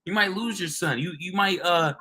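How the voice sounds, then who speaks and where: Host, American man: bright, forceful preaching rant, a little high, faint music underneath. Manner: emphatic, drawn-out, keeps ending lines with "man". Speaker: religious channel host.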